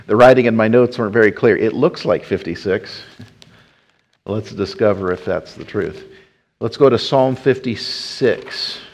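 A man preaching a sermon, rising to emphatic appeals and dropping to soft hushed passages. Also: lowish voice, measured pace, pauses often. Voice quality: whispers at times. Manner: swells loud and emphatic, then drops to a soft hush.

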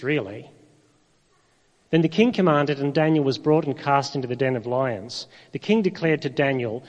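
Man, middle-aged preacher, slightly high voice, long echoing reverb, conversational sermon with pauses. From Northern Ireland. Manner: conversational, rhetorical questions, dramatic pauses.

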